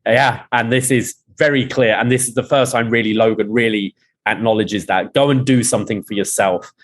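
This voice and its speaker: A man's voice: medium pitch, steady tone, normal speed. Man retelling a TV scene with animation. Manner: retells scenes, reading out dialogue with rising emphasis. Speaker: podcast host. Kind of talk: casual recap of a TV episode.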